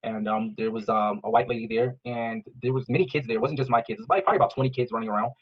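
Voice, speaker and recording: A man with an American accent rattles off a story from a park at high speed. His husky voice comes through a dull, lo-fi clip, and he acts out the lines of each person in the story. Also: racing. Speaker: parent telling a story.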